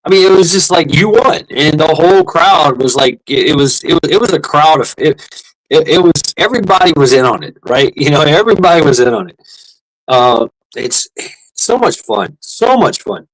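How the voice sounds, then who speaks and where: A man's voice: fairly high pitch, expressive, normal speed, poor audio. A middle-aged man hosting a casual livestream, rambling and swearing, repeating himself and laughing often. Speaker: livestream host.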